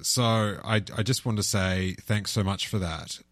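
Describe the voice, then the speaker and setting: A man hosting a podcast, chatting casually and halting often with restarts and fillers. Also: lowish voice, no room sound, studio quality. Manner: halting, restarts a lot, laughs easily. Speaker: podcast host. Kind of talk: casual chat.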